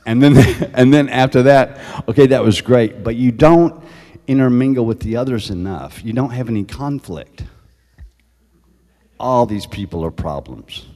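A man telling animated stories as a guest, often laughing as he talks. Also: mid-range voice, normal speed, big-room sound. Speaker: guest actor. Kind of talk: casual storytelling.

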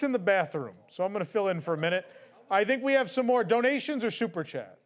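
A man's voice: sits high, expressive, quick pace, lo-fi sound. A man hosting a live stream, casually reading out donations in a playful, laughing, loose manner.

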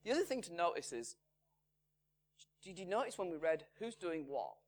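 A man preaching a sermon, measured and emphatic, his voice swinging from strong lines down to hushed, quiet ones. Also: sits high, very animated. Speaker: pastor. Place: church in Salford.

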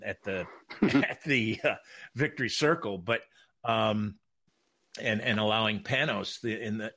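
A man, a racing broadcaster, telling stories in a casual panel chat, halting with frequent restarts and laughter. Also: on the low side, pushed and bright.

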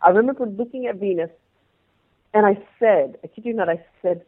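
A former pro dancer, interviewed as a guest, tells personal stories in conversation, animatedly acting out scenes in changing voices. Her voice is medium-pitched and brisk over a tinny line.

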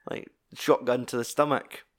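A man's voice: mid-range voice, level tone, normal speed. A Scottish man in casual film-discussion chat, swearing freely as he retells scenes with animation.

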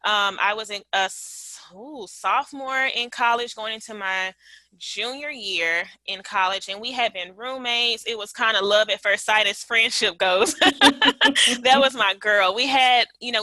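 A woman's voice: medium pitch, sharp tone, no echo, rough recording. A woman in her late twenties, sharing a personal story as a guest in a candid, reflective way, with frequent fillers and restarts. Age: late 20s.

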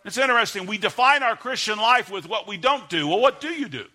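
Bright-voiced emphatic man preaching. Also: high-pitched, expressive, fairly quick. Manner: emphatic, rising to sudden shouts; reads scripture in King James wording. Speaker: guest preacher. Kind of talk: Baptist sermon.

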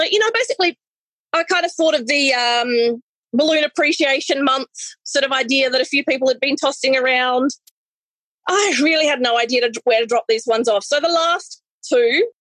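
A chatty woman, a balloon artist, telling a story casually with animated self-corrections. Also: high-pitched, no echo, rough recording.

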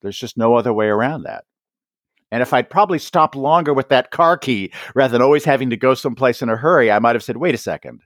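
A man's voice: medium pitch, fast talker, no echo, studio quality. A man being interviewed as an author on teaching, talking conversationally and often checking in with "right?". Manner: animated, acts out quoted voices, frequent "right?" tags. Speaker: author and education guest.

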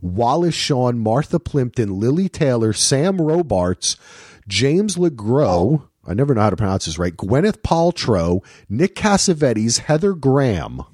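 A man hosting a podcast in casual chat, excitable and swearing freely. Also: medium pitch, measured pace, husky, dry recording, studio quality. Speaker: podcast host.

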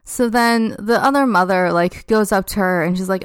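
A woman's voice: mid-range voice, normal speed, clean tone, no echo, clean studio sound. A young woman casually telling a story on a podcast, chatty and full of "like". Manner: chatty, heavy use of "like" as a filler. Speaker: podcast guest.

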